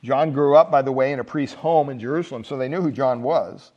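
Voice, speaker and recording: A man's voice: mid-range voice, fairly quick, highs cut off. A man preaching a sermon as pastor, telling stories and building to emphatic peaks. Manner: animated storytelling, rising to emphatic peaks.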